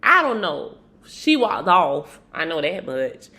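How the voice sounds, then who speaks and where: A woman casually recapping a reality show in an animated, slangy, gossipy way. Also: on the low side, slow. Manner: animated, slangy, slips into acted quotes.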